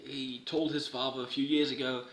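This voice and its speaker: A man recaps casually, rambling and swearing with an irreverent edge. His voice is bright and forward. The room around him is noticeably roomy. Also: mid-range voice, flat delivery, moderate pace. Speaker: video host recapping a TV episode. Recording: roomy echo.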